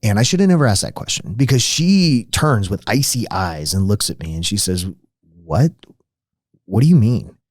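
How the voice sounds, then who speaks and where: A man's voice: on the low side, expressive, fairly quick, few pauses, no room sound, clean studio sound. An American man hosting a podcast, telling a reflective, conversational story with frequent restarts, like a lecture. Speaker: podcast host.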